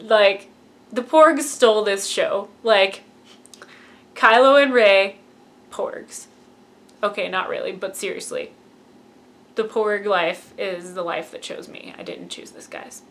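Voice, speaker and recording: A woman's voice: mid-range voice, takes it slowly, long pauses. A woman giving a casual, gushing fan review of a film and acting out lines from it. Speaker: movie reviewer.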